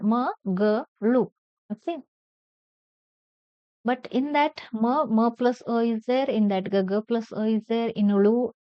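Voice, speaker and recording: Slow Indian English woman teacher. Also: on the high side, no room sound, muffled recording. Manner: repeats words slowly, spells them out letter by letter. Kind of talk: classroom lesson explaining pronunciation.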